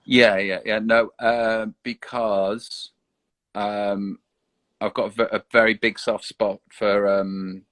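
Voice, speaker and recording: A man's voice: fairly low pitch, level tone, slow pace, fairly bright tone, no room sound. A man, chatting casually on a live video stream, often stumbling and restarting his sentences. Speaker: guest. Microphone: online live video call.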